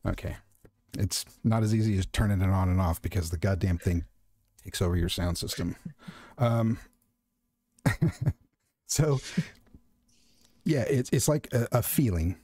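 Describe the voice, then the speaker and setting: A man running a tabletop horror game as game master, talking in a slow, measured way with fillers. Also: low-pitched, mellow, no echo. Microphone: mic on a voice call.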